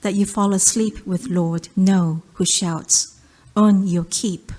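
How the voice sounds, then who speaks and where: A woman from South Korea with a Korean accent, reading her poetry aloud in a measured, rhythmic recitation. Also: medium pitch, fairly even intonation, a little mellow. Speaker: poet.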